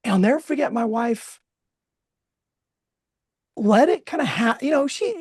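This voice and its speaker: A man in his thirties telling a candid personal story, emotional and expressive, laughing now and then. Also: very high voice, moderate pace, pauses often, husky, no room sound, studio quality. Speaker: guest speaker.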